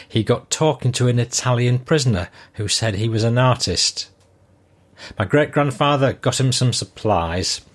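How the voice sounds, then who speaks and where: An older man hosting a podcast, reading listener messages aloud in a relaxed, conversational way. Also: mid-range voice. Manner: relaxed, conversational, with frequent ums. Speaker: podcast host.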